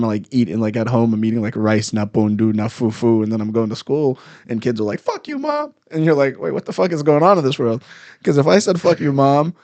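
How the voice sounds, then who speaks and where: Animated male storyteller, casual. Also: medium pitch. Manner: animated storyteller, laughs often. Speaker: comedian guest. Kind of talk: casual podcast chat. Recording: live stream, studio mic.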